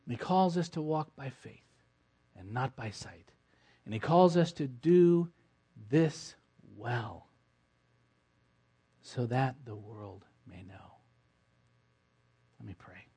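A man preaching with strong emphasis, dropping into hushed, low lines and then climbing to loud, pressing declarations. His voice sits at an ordinary middle pitch between the swings. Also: animated, slow, pauses often, breathy edge. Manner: emphatic, swings from soft to forceful. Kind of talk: sermon.

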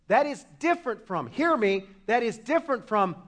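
A man with a high voice delivers a sermon as pastor. His preaching is impassioned, rising to loud emphasis and falling to near-quiet lows. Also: animated, moderate pace, few pauses.

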